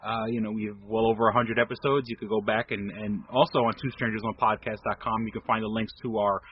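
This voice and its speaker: A man's voice: on the low side, little pitch movement, fast. A man co-hosting a podcast, rambling and joking his way through casual chat and show plugs. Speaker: podcast co-host. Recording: dull lo-fi podcast audio with faint hiss.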